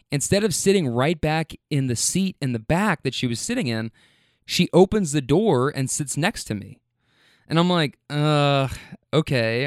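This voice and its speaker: A man's voice: medium pitch, dry recording, clean studio sound. A man who drives for a rideshare service, telling stories from his rides in a casual, laid-back way, swearing freely and talking straight to the listener. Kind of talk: casual storytelling.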